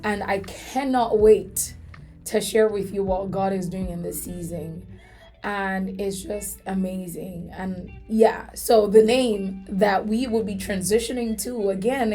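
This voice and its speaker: A woman's voice: medium pitch, steady tone, measured pace, dark tone, faint music behind. A woman hosting a faith podcast, telling a story in an earnest, emotional way. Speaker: podcast host.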